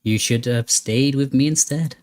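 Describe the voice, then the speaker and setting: A man's voice: medium pitch, normal speed, darkish tone, close to an everyday voice. A man doing a stern, haughty cat lord. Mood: reproachful.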